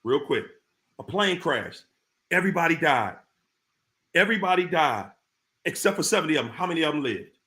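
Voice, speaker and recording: A man's voice: fairly high pitch, expressive, moderate pace, pauses often, bright, forceful tone. A man hosting a casual live stream, talking straight to his viewers in informal slang and repeating his points for emphasis. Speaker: live-stream host talking about narcissists.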